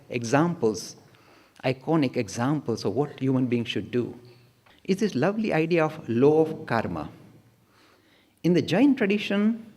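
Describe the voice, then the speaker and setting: A man's voice: medium pitch, darkish tone. A man giving an emphatic public lecture, often slipping into playful acted-out voices as he makes his points. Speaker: lecturer on religion.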